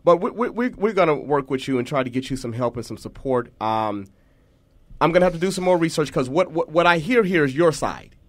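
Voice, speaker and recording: A man's voice: on the high side, lively intonation, fairly quick, no room sound. Emphatic man hosting a talk show. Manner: emphatic, encouraging, repeats words.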